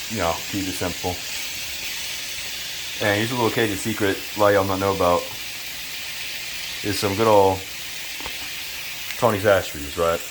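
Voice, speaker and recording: A man from Louisiana giving a casual cooking tutorial in his home kitchen, laid-back and profane with joking asides. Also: deep voice. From Louisiana, USA. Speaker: home cook. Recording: noisy kitchen with frying sizzle. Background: food sizzling in a pan.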